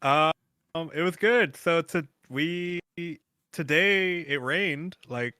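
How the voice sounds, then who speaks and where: A man's voice: fairly high pitch, slow pace, sharp tone, clear, resonant tone, no echo, studio quality. A man co-hosting a podcast, telling rambling stories in casual chat and cursing freely. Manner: rambling storyteller, curses freely. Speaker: podcast co-host.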